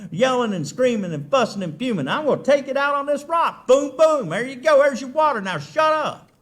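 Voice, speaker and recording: Here is a fed-up old prophet, voiced by a man in a sermon, hollering at a crowd in a high, strained voice. He is worn out by their complaining and spits out insults. The anger is loud and bursting. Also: expressive, fairly quick. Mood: furious. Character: furious exasperated old male prophet scolding a crowd.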